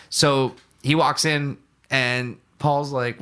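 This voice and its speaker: A man's voice: mid-range voice, steady tone, measured pace, few pauses, pushed and bright, smooth. Rambling young man, podcast co-host. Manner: rambling storyteller, many fillers. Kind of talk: casual chat.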